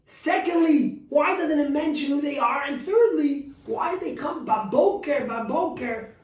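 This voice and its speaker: A high-pitched man preaches as a rabbi, moving from loud, stressed words to hushed asides. He slows to draw out key phrases as he tells his story. The sound is very echoey and picked up from well back. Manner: animated, stretches key words, switches between loud emphasis and soft asides. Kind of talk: sermon with storytelling. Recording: very echoey, distant mic.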